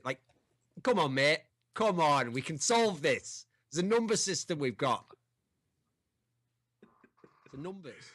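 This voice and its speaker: A man's voice: on the high side, very animated, takes it slowly, long pauses, a bit bright. A man co-hosting an esports podcast, long-winded and arguing through elaborate analogies. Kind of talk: casual chat.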